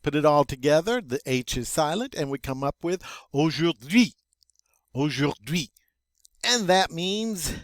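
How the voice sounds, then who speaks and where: An older man walks through a vocabulary review at an unhurried, deliberate pace, pausing to sound out each word. His voice is close and dry, and he drops in wry, self-deprecating asides along the way. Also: fairly high pitch, a bit bright, dry recording. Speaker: French teacher.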